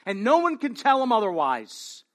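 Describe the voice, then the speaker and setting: A man preaching a sermon as pastor, swinging from hushed, slow lines to loud, pleading calls. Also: extremely high pitch, huge pitch swings.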